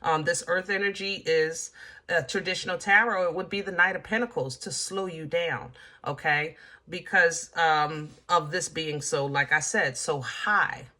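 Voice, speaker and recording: Woman reading tarot cards for her viewers, bright sharp voice, chatty with lots of ums and okays. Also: deep voice, fairly even intonation, unhurried. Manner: chatty, emphatic, many fillers, talks straight to viewer. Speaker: tarot reader.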